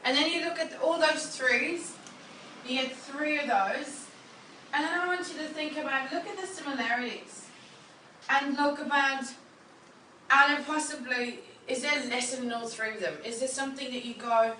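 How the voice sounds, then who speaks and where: A woman with a bright, forceful voice leads a group workshop, upbeat and encouraging. She sits a little high for a woman and sounds far from the mic in a roomy space with a faint hum behind her. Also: normal speed. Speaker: wellness coach leading a workshop.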